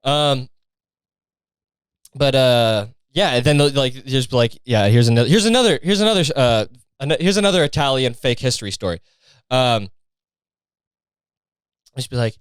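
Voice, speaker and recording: A man's voice: mid-range voice, animated, moderate pace, long pauses, clear, resonant tone, no room sound. A man hosting a comedy podcast, rambling loosely and swearing often. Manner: rambling and profane, lots of fillers. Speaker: podcast host.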